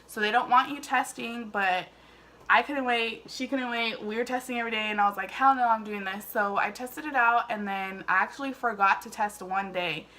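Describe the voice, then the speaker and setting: Bright-voiced chatty woman vlogger. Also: on the high side, fairly even intonation, normal speed. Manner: chatty, emotional, many fillers. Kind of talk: casual storytelling to camera.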